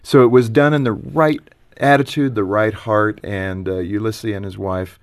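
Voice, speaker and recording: A man hosting an interview, gently prompting his guest with hesitant fillers between questions. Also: fairly low pitch, steady tone, moderate pace. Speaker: interviewer host.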